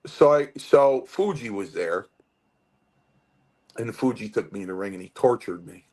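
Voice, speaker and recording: Low-voiced man, fifties, from Connecticut, rambling interview storyteller. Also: measured pace. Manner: rambling, animated storytelling with restarts. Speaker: guest wrestler.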